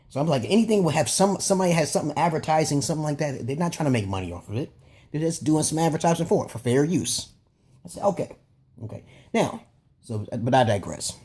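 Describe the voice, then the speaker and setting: A man's voice: mid-range voice, dark tone, breathy edge. A man giving a rambling, profane opinion monologue as a vlogger, emphatic and often checking "okay?" with his listeners. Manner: repeats and restarts phrases.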